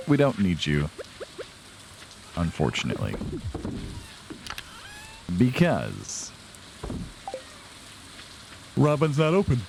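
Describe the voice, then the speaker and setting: A man's voice: mid-range voice, huge pitch swings, extremely slow, creaky, long pauses, darkish tone, a little hiss or hum. A young man casually commenting on his farming game to viewers, chatty and self-deprecating, a bit tired and yawning. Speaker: let's play host.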